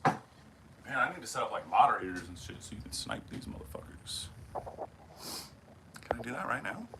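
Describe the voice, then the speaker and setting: A knifemaker livestreams from his home workshop, chatting casually with viewers as he works, swearing freely and mumbling along the way. His voice is medium-pitched, creaky, very animated and brisk, and the laid-back stream audio is noisy.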